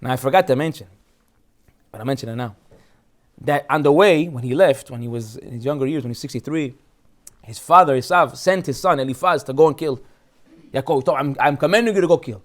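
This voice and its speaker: A rabbi who grew up speaking Hebrew gives a casual, joking Torah talk, telling the story as a lively storyteller who laughs often. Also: male voice, medium pitch, fairly quick, pauses often.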